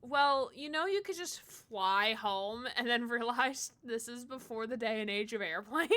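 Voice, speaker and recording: A woman's voice: on the high side, a little slow, bright, forceful tone. A woman streaming a game, chatting in a playful, giggly way with her viewers. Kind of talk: casual live-stream commentary.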